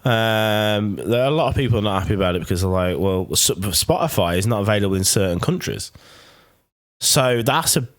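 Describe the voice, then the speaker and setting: Chatty low-voiced man. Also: lively intonation, a little fast. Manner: rambling, restarts a lot, chatty. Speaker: podcast host. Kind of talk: casual chat.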